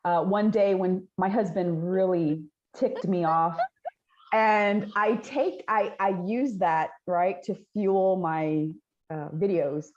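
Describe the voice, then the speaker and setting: A woman's voice: lowish voice, slow pace, muffled recording. A woman from Texas with a Texan accent, a guest telling stories in casual conversation and laughing often. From Texas, United States. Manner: laughs often, animated storytelling. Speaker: guest, video creator.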